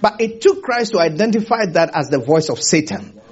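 A male pastor preaches a sermon in a theater, laughing often and throwing rhetorical questions at the congregation. His voice is high and husky, and it swings widely in pitch. The recording is dull and lo-fi. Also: big pitch swings, moderate pace. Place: theater used for a church service.

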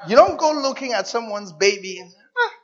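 A preacher delivering a sermon dramatically, repeating and stretching key words, dropping to a hush and then rising to a shout, and often asking the congregation questions. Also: medium pitch, big pitch swings, brisk, faint music behind. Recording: dull lo-fi sound.

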